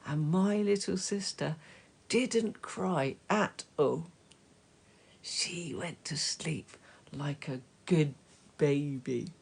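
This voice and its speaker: A woman reading a children's story aloud, slow and gentle, dropping to soft whispers at times. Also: low-pitched, vocal fry, breathy edge. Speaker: storybook reader.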